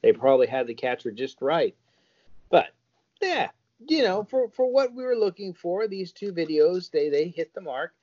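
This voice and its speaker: Animated man telling a crude story. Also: high voice, moderate pace. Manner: lively storytelling, crude jokes. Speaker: podcast co-host. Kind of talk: casual comedic chat. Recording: dull lo-fi podcast audio.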